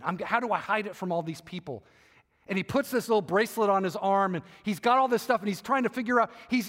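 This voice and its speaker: A man preaching, retelling a story and reading it aloud with animated, repeated phrases. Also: very high-pitched. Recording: hall reverb.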